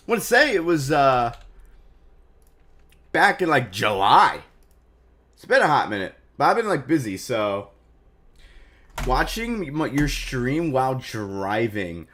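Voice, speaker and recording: Casual male streamer, rambling and animated. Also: on the high side. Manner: loose and chatty, many fillers. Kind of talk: casual live stream chat.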